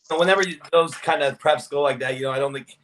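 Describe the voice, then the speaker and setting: A man's voice: a little high, fast, a bit bright. A man weighing in as a guest on a casual panel, rambling with lots of "you know" and "like". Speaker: guest analyst.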